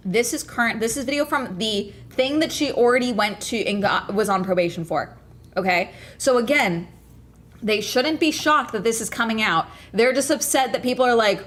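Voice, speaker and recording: A woman's voice: fairly high pitch, expressive, normal speed, a bit bright. Ranting, foul-mouthed woman on a livestream. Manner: ranting, profane, fired up. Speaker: streamer. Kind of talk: casual livestream chat.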